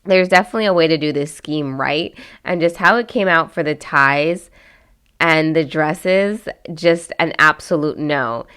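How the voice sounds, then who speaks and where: A woman with a notably low voice talks through a casual commentary vlog. She is chatty and candid, trailing off and restarting often, with plenty of fillers as she shares frank opinions. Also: measured pace, fairly bright tone, smooth. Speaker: host.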